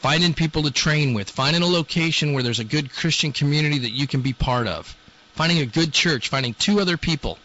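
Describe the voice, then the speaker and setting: Male show host, blunt scolding monologue, sharp forceful delivery, dull lo-fi recording. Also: fairly high pitch, fairly quick. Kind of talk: ranting talk-show monologue.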